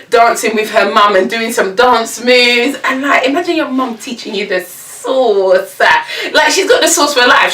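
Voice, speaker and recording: A young woman talks in an animated, slangy vlog chat and breaks into laughter often. Her voice is bright and forward. She sits a little back from the mic in a room with noticeable echo. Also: mid-range voice, distant mic. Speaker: vlogger. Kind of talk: casual chat.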